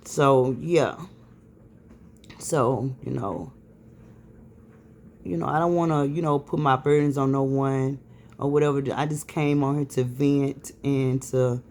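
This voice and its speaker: A woman's voice: rumbling low, fairly even intonation, takes it slowly, pauses often, darkish tone, a little hiss or hum. Stressed woman venting, swearing hard. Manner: heavy swearing, many fillers and restarts. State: stressed and weary. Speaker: vlogger. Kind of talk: casual venting to camera.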